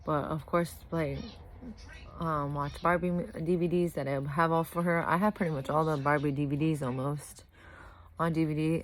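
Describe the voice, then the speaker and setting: A woman's voice: low-pitched, slight background noise, poor audio. A young woman vlogging at home about her two small children, exhausted from little sleep and rambling as she corrects herself. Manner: rambling, scattered, self-correcting. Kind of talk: casual vlog chat. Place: at home with a toddler nearby.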